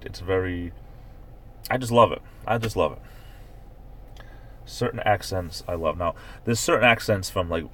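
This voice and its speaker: A man from the Northeastern United States, his accent leaning toward New York, chats loosely on a live stream while sitting in a parked car. His voice sits very low, and he reads viewer comments aloud as he goes.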